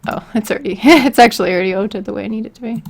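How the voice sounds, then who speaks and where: A woman's voice: medium pitch, racing, gravelly. A woman on a casual live stream who mutters to herself while she works and answers chat questions. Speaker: voicebank creator streaming.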